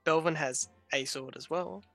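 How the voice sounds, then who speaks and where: A man's voice: a little high, normal speed, gravelly, music in the background. A man playing a tabletop game, chatting casually with laughing asides. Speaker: player.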